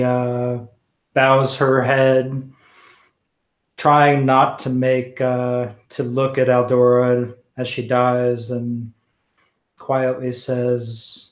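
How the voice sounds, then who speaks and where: A man narrating his character in a tabletop story game in an almost monotone voice. He speaks slowly and quietly with pauses, and his voice sounds roomy and echoey. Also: medium pitch. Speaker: player. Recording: echoey room.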